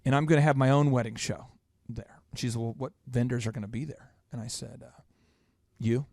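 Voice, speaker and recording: A man hosting a podcast, telling a story in a quick, animated, self-mocking way. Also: mid-range voice, no room sound, studio quality. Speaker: podcast host. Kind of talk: storytelling in casual chat.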